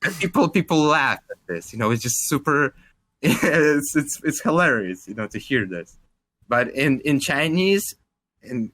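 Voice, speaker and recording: Bright-voiced young Russian-accented man. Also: on the high side. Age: 20s. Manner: rambling, heavy use of "like", casual swearing. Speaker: podcast co-host. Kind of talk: casual podcast chat.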